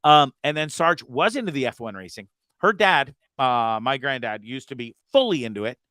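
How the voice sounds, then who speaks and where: A man hosting a casual podcast, talking in profane, excitable rants and repeating himself as he gets worked up. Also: mid-range voice, moderate pace, no echo. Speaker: host.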